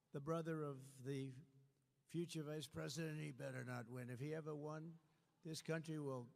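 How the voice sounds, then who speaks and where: An American man giving a campaign rally speech, with repetitive, punchy declarations that rise into shouts. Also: a little high, gravelly, long reverb tail. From United States. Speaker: political candidate. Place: large venue at a campaign event.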